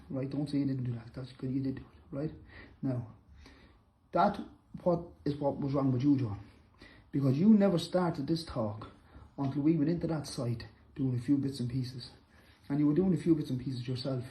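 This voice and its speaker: A middle-aged man, angrily calling out a rival directly to camera, accusing and repetitive, breaking into loud bursts. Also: mid-range voice, low-quality recording. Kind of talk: angry direct-to-camera callout.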